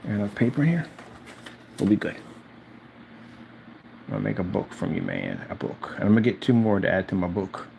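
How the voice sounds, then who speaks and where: Gravelly, taunting low-voiced man. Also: huge pitch swings, moderate pace, long pauses, darkish tone, a little hiss or hum. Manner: mocking, confrontational, repeats jabs. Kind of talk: taunting rant addressed to someone absent.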